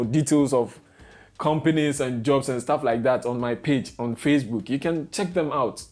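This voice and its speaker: A man's voice: mid-range voice, a little mellow. A young man vlogging, ranting in casual commentary with exasperated, repeated rhetorical questions.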